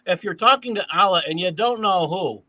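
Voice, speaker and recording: Bright-voiced incredulous man. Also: sits high, dry recording. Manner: incredulous, quick to laugh. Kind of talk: casual chat, reading commentary aloud.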